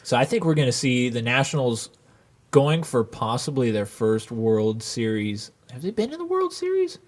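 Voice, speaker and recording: A man's voice: medium pitch, very animated, normal speed. A man co-hosting a casual podcast chat and earnestly explaining his sports predictions. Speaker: podcast co-host.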